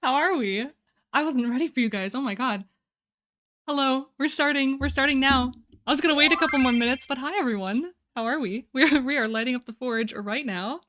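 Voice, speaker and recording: Bubbly, slightly high-voiced woman streamer. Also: fairly quick, a little hiss or hum. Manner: bubbly and excitable, laughs often, flustered. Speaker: livestream host. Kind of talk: casual live-stream chat.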